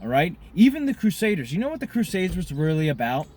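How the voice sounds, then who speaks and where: A man ranting in a profane monologue to camera, smoking a cigar as he talks, swinging between loud outbursts and muttered asides. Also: fairly high pitch, big pitch swings, quick pace, slightly rough. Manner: smoking a cigar while talking. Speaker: vlogger.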